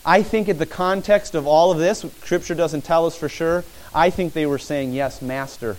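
A man's voice: a little high, normal speed, poor audio. A man preaching a sermon as pastor, earnest and repetitive, often addressing the listeners as friends.

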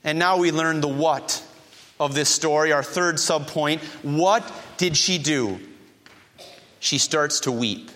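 A man's voice: on the high side, slow pace, sharp tone. A male preacher delivering a sermon with emphatic repetition and rhetorical questions. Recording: long hall reverb.

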